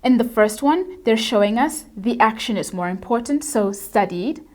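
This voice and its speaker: A woman English teacher giving a scripted grammar lesson, explaining clearly and at a measured pace. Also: fairly high pitch, lively intonation.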